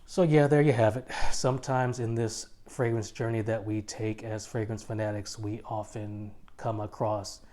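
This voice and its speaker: Blunt, emphatic man with a mellow voice. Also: lowish voice. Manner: blunt, emphatic, repeats points for effect. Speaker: fragrance reviewer. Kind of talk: casual video review.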